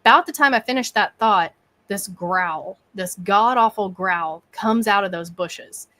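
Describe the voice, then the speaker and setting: A woman, a guest on a podcast, telling a story with lively energy and acting out her own thoughts and quotes. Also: medium pitch, unhurried. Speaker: bigfoot researcher and podcast guest.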